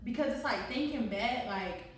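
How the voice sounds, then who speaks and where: A young adult woman telling a personal story to listeners in a candid, animated way, often laughing and talking straight to them. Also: fairly high pitch, normal speed, distant mic. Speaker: co-host. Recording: very echoey room, away from mic.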